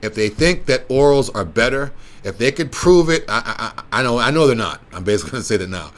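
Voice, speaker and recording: Chatty man pitching injections, rambling. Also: expressive, quick pace. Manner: rambling, repetitive, persuasive. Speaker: wellness clinic presenter. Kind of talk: casual explanatory talk.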